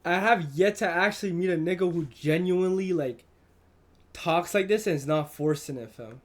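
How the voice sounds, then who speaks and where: A man giving casual reaction commentary, animated and slangy, talking back at a video. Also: high-pitched, moderate pace. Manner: animated, slangy, profane, talks over the clip.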